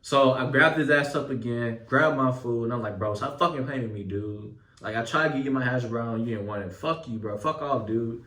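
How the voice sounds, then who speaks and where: A young man casually telling a story from his school days, animated and full of profanity and street slang. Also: medium pitch, normal speed, hardly any pauses, distant mic. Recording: echoey room, off mic.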